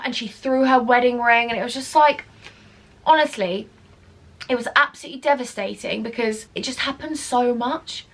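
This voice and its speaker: A young woman in her twenties telling a storytime vlog in an animated, gossipy way, often dropping into whispers. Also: fairly high pitch, moderate pace. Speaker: vlogger.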